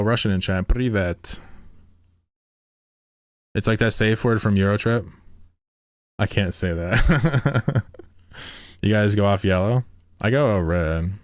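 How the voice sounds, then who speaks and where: A man with a very low voice streams a game and chats loosely with his viewers. He rambles, swears freely and laughs often. The sound is close and dry, with no room around it. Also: no room sound. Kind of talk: casual live-stream chat while gaming.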